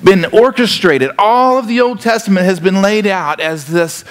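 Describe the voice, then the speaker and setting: A male pastor preaching a sermon, animated and often repeating words as he acts out scenes. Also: high voice, moderate pace.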